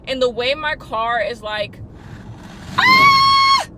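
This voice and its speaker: A woman's voice: sits high, expressive, measured pace. A young woman vlogging from her car on a dashboard camera, talking in a dramatic, mock-tearful way. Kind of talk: casual car vlog. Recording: faint car noise. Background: car noise.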